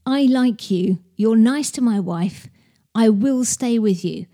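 A woman's voice: on the high side, slow pace, dark tone. A woman reading out the lines of a brash, fading male football star in her own plain voice, without putting on an accent. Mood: insistent.

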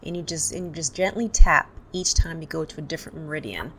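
A woman leading a guided tapping session, calmly calling out tapping points and repeating affirmations for listeners to echo. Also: low-pitched, quick pace, slight background noise. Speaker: tapping instructor.

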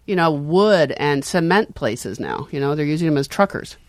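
A guest in a casual podcast chat, giggly and animated. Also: mid-range voice, moderate pace, no room sound.

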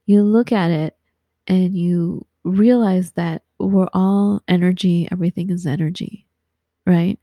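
A woman with a Southern Californian accent talks casually and with animation, sprinkling "like" through her stories. Her voice is mellow and warm. The recording is dry and close, with no room sound. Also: medium pitch, no echo. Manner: chatty, animated storyteller with frequent "like" and laughs. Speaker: guest. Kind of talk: casual conversation.

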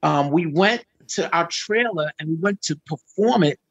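A middle-aged man casually telling an anecdote as a guest, animated and acting out quotes with jumps in pitch. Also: moderate pace, creaky, no echo, highs cut off. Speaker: guest storyteller.

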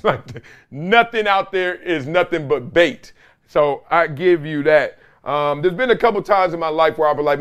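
A man hosting a sports talk show, telling stories in animated, slangy casual commentary on a close mic. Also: fairly high pitch, normal speed. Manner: animated, slangy storytelling with laughs.

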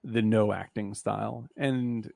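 A man's voice: fairly low pitch, fairly even intonation, slow pace, creaky, darkish tone. A man hosting a casual film discussion, blunt and profane, rambling with lots of fillers.

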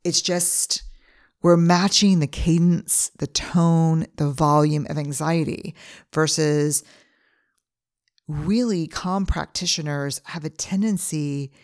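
A woman in her forties hosting a podcast, speaking in an earnest, conversational monologue and slowing down to stress her points. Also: low-pitched, steady tone, darkish tone. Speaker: podcast host.

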